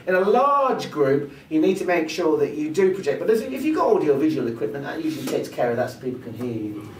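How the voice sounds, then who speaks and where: A man teaching presentation skills acts out vocal examples as he explains them. His voice is high and sing-song with a quick pace, and slight background noise. The recording sounds roomy and distant, with faint ambience.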